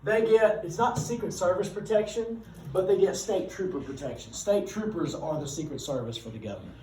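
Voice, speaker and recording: A man's voice: high-pitched, brisk. Male teacher telling rambling stories. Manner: rambling, animated anecdotes with self-corrections. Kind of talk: anecdotal classroom storytelling. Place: classroom. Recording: echoey room, distant mic, background noise.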